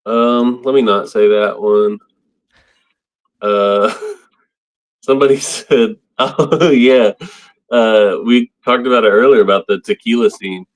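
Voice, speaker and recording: A man with a slightly low voice talks in an easy, rambling way, chuckling often. His casual chat meanders along as he co-hosts a podcast. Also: slow, pauses often. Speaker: podcast co-host.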